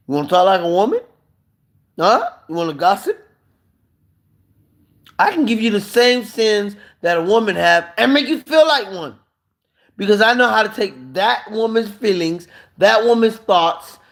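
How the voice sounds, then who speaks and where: A sly male devil taunts and tempts with one coaxing question after another, played by a preacher mid-sermon. The voice sits high and mocking. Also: fairly bright tone, heavily acted.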